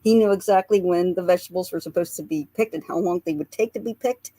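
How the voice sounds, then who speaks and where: Speaking fast in a warm voice on the low side, on a dry recording, a woman appears as a radio interview guest. A psychic portrait artist, she recounts memories earnestly in storytelling fashion and laughs through the lighter bits.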